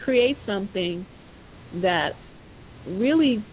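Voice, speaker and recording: A woman hosting a talk show, telling a story casually and acting out the voices of the people in it, with lots of fillers. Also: slow pace. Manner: animated storyteller, acts out quoted voices, many fillers. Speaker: podcast host. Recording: tinny phone-line audio with faint rumble.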